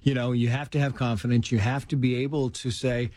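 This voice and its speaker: A middle-aged man spins stories in easy conversation, and his speaking pitch sits right in the middle of the male range. He is animated and lively, jumping into the voices of the people he quotes. The sound is dry and close, with no room around it. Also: brisk, dry recording. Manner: animated storyteller who acts out quotes in a raised voice. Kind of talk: casual conversation, storytelling.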